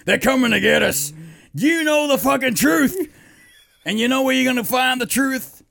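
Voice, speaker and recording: A man putting on a paranoid conspiracy radio host who shouts frantic warnings. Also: extremely high pitch, animated, normal speed, creaky, pitched above the performer's own voice, full character voice. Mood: ranting.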